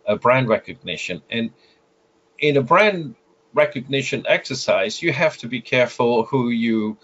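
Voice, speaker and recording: A man's voice: medium pitch, lively intonation, normal speed, fairly bright tone. A man with a French accent, a guest photographer giving advice in an interview, explaining with frequent filler sounds and restarts. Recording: slightly muffled lo-fi audio.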